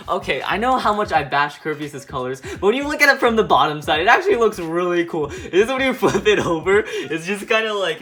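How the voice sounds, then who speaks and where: A man's voice: a little high, pushed and bright. A young man giving a casual, rambling anime episode review, full of "like" and little laughs. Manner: rambling, giggly, lots of "like".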